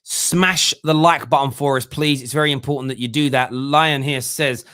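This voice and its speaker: A man's voice: medium pitch, steady tone, moderate pace, fairly bright tone, clean tone. A young man hosting a casual football fan live stream, joking and reading viewers' comments aloud. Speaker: fan channel host.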